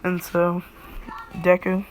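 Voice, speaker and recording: A woman's voice: fairly low pitch, completely flat delivery, slow pace. A young woman casually narrating a fan story, rambling and briefly acting out characters' lines.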